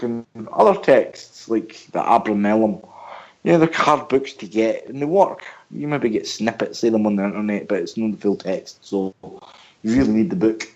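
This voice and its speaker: A man from the United Kingdom, a guest on a radio interview, talks in an animated, rambling way and explains things by asking questions. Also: fairly low pitch, highs cut off. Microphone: headphones and mic at home.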